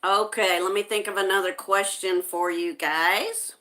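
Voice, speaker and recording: A woman hosting a casual livestream, reading viewer comments aloud and answering them gently, with frequent hesitations. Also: medium pitch, steady tone, unhurried. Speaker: livestream host.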